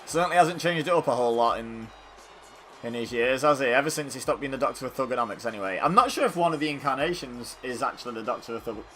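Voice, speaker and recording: A man's voice: mid-range voice, lively intonation, quick pace, sharp tone, a little hiss or hum. A man casually commentating a wrestling video game, chatty and rambling, joking at his own expense. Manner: chatty, self-deprecating, rambling with fillers. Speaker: gaming YouTuber.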